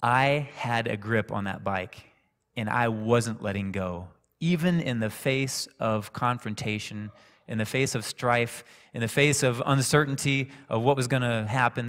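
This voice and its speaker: A man preaches a sermon, telling a personal story in a calm, conversational way. His voice sits at a middle pitch. The sound carries the long reverb of a church sanctuary. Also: normal speed.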